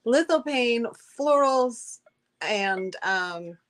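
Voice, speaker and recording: Speaking very slowly yet animatedly, a middle-aged woman with a fairly high-pitched voice runs a live-stream sale. Her chatter with viewers is effusive, peppered with fillers and frequent restarts.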